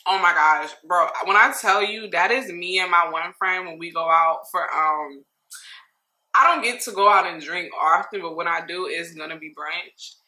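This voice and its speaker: A young woman recapping a reality show in casual, slangy chat, animated and laughing often. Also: on the low side, normal speed. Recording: roomy echo.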